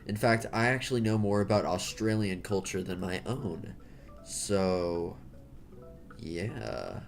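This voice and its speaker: A man's voice: low voice, slow pace, pauses often, faint music behind. A man with an American accent chatting casually while he draws, rambling, jokey and correcting himself. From United States. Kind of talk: casual chat while drawing.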